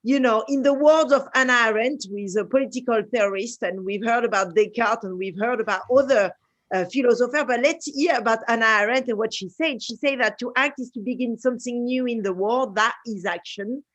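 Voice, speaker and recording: A woman with a French accent giving a lively, chatty talk at an online symposium, with many fillers and self-deprecating asides. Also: fairly high pitch, fairly quick. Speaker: speaker.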